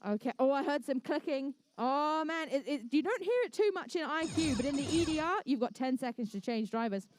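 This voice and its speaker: A woman's voice: high voice, lively intonation, fairly quick, slight background noise. A woman commentating a live competition, bubbly and jokey, chatting with the crowd between rounds. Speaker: event commentator and MC.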